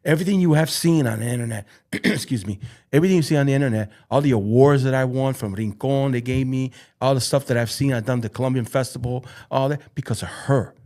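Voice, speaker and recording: An earnest man talks as a podcast guest about his life in football. He speaks in halting bursts and circles back over his own phrases. His voice sits at an ordinary middle pitch for a man. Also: a little mellow. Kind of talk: emotional personal storytelling.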